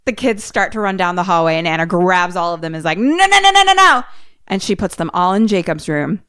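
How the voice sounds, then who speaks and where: Young woman excitedly recapping a film. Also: fast, clean tone, no room sound, clean studio sound. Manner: animated retelling, acts out characters' lines with sudden jumps in pitch. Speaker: podcast co-host retelling a film. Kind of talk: casual chat, recapping a movie plot.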